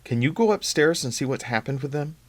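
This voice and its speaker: A man's voice: fairly high pitch, animated, voice pushed up. A man reading a nervous young man. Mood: anxious. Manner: quick, raised, stammering.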